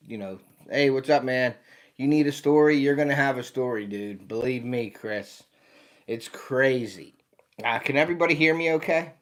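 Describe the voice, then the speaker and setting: Man, 50s, American accent, casual livestream host, tired, chatty, greets viewers by name. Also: mid-range voice. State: tired, yawning. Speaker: outdoor channel host.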